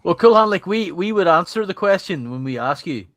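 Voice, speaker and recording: Laid-back man, slightly high voice. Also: animated, brisk, fairly bright tone, dry recording. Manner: laid-back, says "aye". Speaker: podcast co-host. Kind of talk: casual banter.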